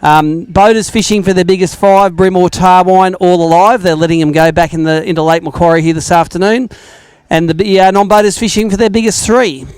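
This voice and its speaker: A high-voiced Australian man runs a live fishing weigh-in, chatty and joking as he banters with each angler. His voice is clean and clear, and the sound is dry and close with no room echo. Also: steady tone, a little fast. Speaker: tournament weigh-in host. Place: outdoor lakeside weigh-in stage.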